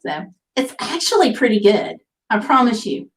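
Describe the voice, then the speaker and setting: A woman hosts a casual livestream and reads viewer comments aloud in an easy, chatty way. Her voice sits a bit high, and she sounds set back from the mic. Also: big pitch swings, normal speed. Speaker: livestream host. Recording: voice picked up from a distance.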